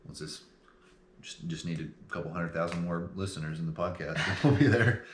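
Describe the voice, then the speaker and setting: A man's voice: low-pitched, normal speed, reverberant, a little hiss or hum. A young man, co-hosting a podcast in casual chat, laughing often and swearing freely. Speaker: podcast co-host.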